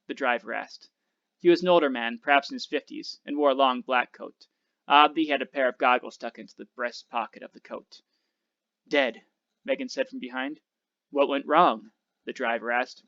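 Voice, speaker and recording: A male teacher reads a novel aloud to his class in a steady, expressive way, on a slightly dull recording. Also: mid-range voice.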